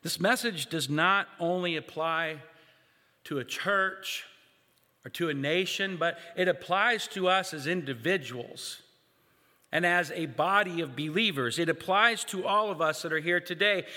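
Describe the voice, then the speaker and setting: A man delivers a sermon in a slow, deliberate cadence, his fairly high, bright voice carrying through a church. Long reverb trails each pause as he poses questions to the congregation. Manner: slow, measured, guided pauses with rhetorical questions. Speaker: preacher. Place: church sanctuary.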